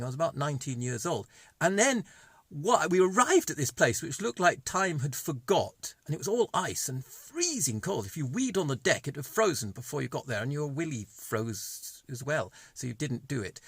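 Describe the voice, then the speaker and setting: A man's voice: a little high, sing-song, moderate pace, a bit bright, breathy edge, no room sound. A man around 60, a vlogger telling wry, rambling stories and jokes. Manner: jokey, digressive, wry. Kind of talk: rambling storytelling monologue.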